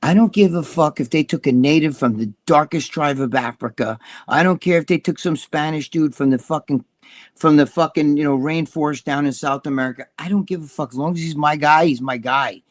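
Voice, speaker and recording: A middle-aged man, ranting loudly and profanely as a podcast co-host. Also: on the high side. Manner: loud, profane, fast-shifting rant.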